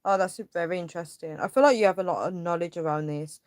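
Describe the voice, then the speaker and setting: A woman's voice: lowish voice, quick pace, hardly any pauses, no echo, clean studio sound. A young woman hosting a casual livestream. She reads viewers' comments aloud and vents her frustration in a rambling way, with lots of fillers. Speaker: livestream host.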